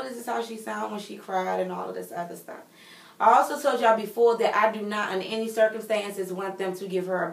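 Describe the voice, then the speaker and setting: A woman's voice: mid-range voice, gravelly. Chatty pregnant woman in an echoey room. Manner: chatty and expressive, talking straight to viewers. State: heavily pregnant. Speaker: vlogger. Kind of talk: casual chat to viewers. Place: home nursery room. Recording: echoey room, mic at a distance.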